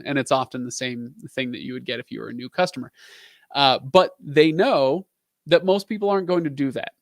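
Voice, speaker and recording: A man's voice: a little high, no room sound, studio quality. Chatty man hosting a live stream. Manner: chatty, rambling, with frequent fillers and asides. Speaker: livestream host answering viewer questions. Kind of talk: casual live-stream chat.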